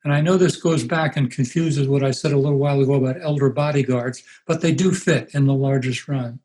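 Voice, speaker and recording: Guy in his 80s, pastor telling slow stories in an interview, average pitch. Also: steady tone, warm tone, rough recording. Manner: unhurried, anecdotal, puts on voices for quoted people. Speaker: guest, pastor. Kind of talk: reflective interview storytelling.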